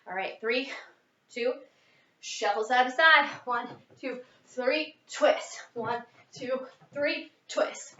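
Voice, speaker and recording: A woman's voice: a little high, takes it slowly, sharp tone, slight background noise. A young woman leading a workout as a fitness instructor, a little out of breath, counting reps and coaching. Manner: upbeat coaching, counting reps, mid-exercise. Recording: echoey, distant, dull lo-fi.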